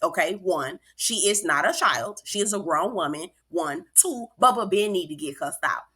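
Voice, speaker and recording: A woman's voice: on the low side, animated, moderate pace, fairly bright tone, breathy edge. A woman giving a sassy, emphatic casual recap of a reality show, talking straight to her viewers. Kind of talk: casual commentary vlog.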